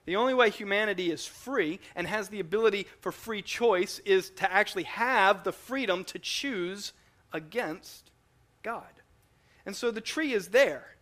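A man preaching a teaching sermon in an emphatic, animated way, often repeating words as he goes. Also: high-pitched, measured pace.

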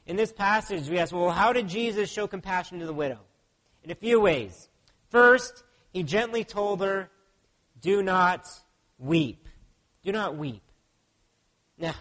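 A man's voice: high voice, fairly bright tone. A pastor preaching a sermon in an earnest way, often putting questions to his listeners.

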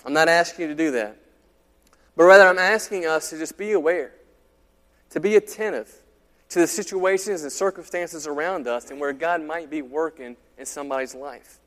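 A man preaching a sermon as pastor, in a conversational, animated way with frequent restarts. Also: fairly high pitch, moderate pace. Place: church sanctuary. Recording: long hall reverb.

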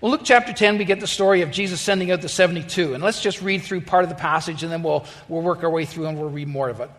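A pastor preaching a sermon and telling a story, with frequent fillers and restarts, in a church sanctuary. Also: male voice, on the high side, fast, a bit bright. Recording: long church reverb.

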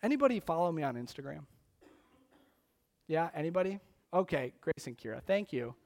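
A male pastor delivers a casual, animated sermon in a high voice. A gravelly fry runs through his words, and he often restarts his phrases mid-thought. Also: fairly quick. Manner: conversational and animated, with frequent restarts.

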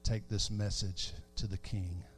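A preacher voicing God as a gentle, still small male voice that speaks softly and reassuringly in a low, hushed tone. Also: fairly even intonation, a little slow, slight background noise, close to an everyday voice. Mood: calm reassuring. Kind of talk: sermon.

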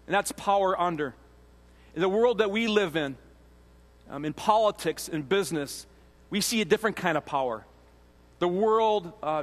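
A man giving a sermon as a pastor, earnest and conversational, often restarting phrases. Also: on the high side. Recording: long hall reverb.

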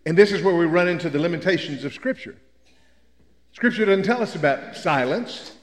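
An older preacher from Memphis delivers a sermon full of folksy, humorous stories. His voice sits high for a man. The sound rings through a church hall with a long reverb. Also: lively intonation, fairly quick. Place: church sanctuary.

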